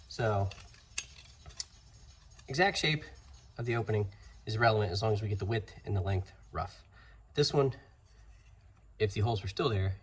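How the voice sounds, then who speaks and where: A man hosting a casual DIY workshop how-to, chatty and easygoing, joking at his own mistakes as he works in a home garage. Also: fairly low pitch. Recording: noisy workshop audio.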